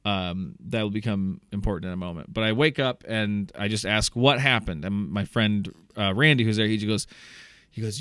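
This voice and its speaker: A young man co-hosting a podcast, telling a story in a lively way, acting out the voices of the people in it and laughing often. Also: on the low side, normal speed, clean tone, no echo, studio quality. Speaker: podcast co-host. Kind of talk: casual storytelling chat.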